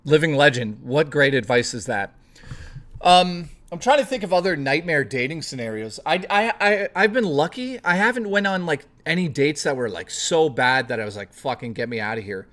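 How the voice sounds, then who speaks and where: A man's voice: a little high, sing-song, normal speed, fairly bright tone. A man hosting a live stream, chatting casually with viewers, swearing freely and reading the chat aloud. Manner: profane, playful, reads chat aloud.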